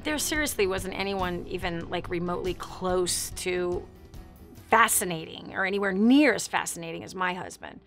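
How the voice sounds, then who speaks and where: A woman's voice: lowish voice, normal speed, a bit bright, faint music behind. A woman hosting a talk show, telling a personal story with emphatic, repeated phrases and acting out what others said. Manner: acts out other people's words in her story. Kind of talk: motivational radio monologue.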